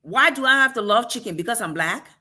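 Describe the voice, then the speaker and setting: A woman's voice: a little high, animated, quick pace, sharp tone. A woman from Africa with an African accent, hosting a casual talk-show discussion and making emphatic points with pointed rhetorical questions.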